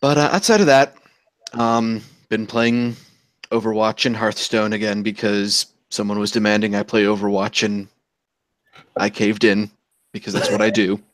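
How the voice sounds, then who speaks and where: A man hosting a casual podcast chat, telling anecdotes in an animated way, swearing casually and jumping up in pitch on punchlines. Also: normal speed, no room sound. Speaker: podcast host.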